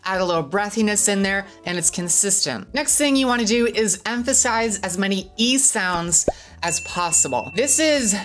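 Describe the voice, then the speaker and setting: A woman's voice: medium pitch, expressive, normal speed, a bit bright, faint music behind. A woman teaching voice training in a casual vlog, explaining things by demonstrating shifts in her own voice. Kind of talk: instructional vlog.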